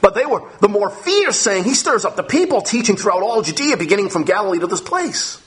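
Animated male preacher teaching scripture. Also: sits high, brisk. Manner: animated, reads scripture aloud and explains it. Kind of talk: Bible teaching.

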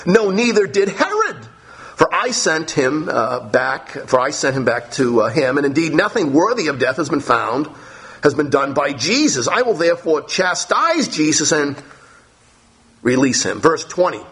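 A man's voice: fairly high pitch, big pitch swings, moderate pace, fairly bright tone. A man preaching a Bible lesson, reading scripture aloud and explaining it as he goes. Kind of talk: Bible teaching.

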